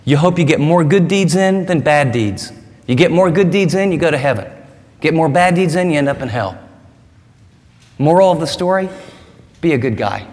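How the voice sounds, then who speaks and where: A male pastor preaching with a high-pitched voice, emphatic and conversational, often posing rhetorical questions. His words hang in the long reverb of a large hall. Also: animated, moderate pace, darkish tone. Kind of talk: sermon.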